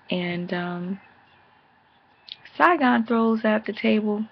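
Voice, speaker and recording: A woman with a low, gravelly, slightly husky voice gives a casual, profane recap of a reality show. She is blunt and sassy and now and then mimics the cast members in animated bursts. The sound is dull and lo-fi, like a home recording. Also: a little slow, pauses often. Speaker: TV episode reviewer.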